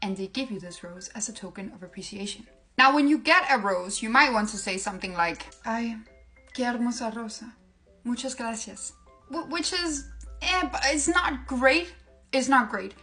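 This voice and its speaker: A woman with a higher-pitched voice talks through a comedic language tutorial. She is playful and giggly, often dissolving into laughter. Faint music plays behind her. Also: animated, normal speed, bright, forceful tone. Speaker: language-tips creator.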